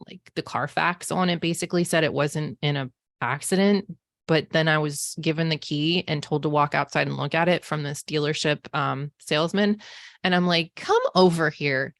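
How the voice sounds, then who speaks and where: A woman's voice: sits low, normal speed, vocal fry, no echo, studio quality. A woman in her forties, a podcast host, telling a personal story in a casual, chatty way full of "like" and "um". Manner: chatty, frequent "like" and "um" fillers. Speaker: podcast host, psychic medium.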